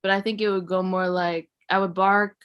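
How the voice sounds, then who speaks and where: A young woman from California doing a stand-up comedy set, rambling and self-mocking in a deadpan way. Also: medium pitch, normal speed, smooth, lo-fi sound. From San Jose, California.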